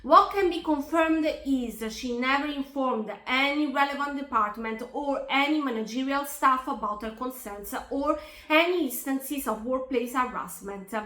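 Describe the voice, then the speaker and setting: Woman, high voice, scripted narration, earnest, reverberant room. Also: moderate pace, bright, forceful tone. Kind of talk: scripted narration reading out messages.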